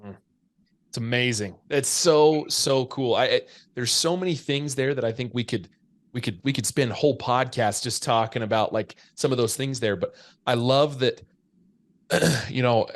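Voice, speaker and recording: A man's voice: mid-range voice, moderate pace. A man hosting a podcast, reacting to his guest in a casual, rambling, enthusiastic way. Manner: enthusiastic, rambling with repeated words. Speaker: podcast host. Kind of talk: casual interview chat.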